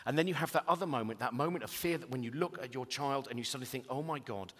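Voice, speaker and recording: A man, a comedian telling comic stories in a talk, animated and acting out voices. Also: mid-range voice, rapid-fire. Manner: animated, acts out voices, rising to loud laughing bursts. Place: stage in a lecture hall. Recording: long reverb of a lecture hall.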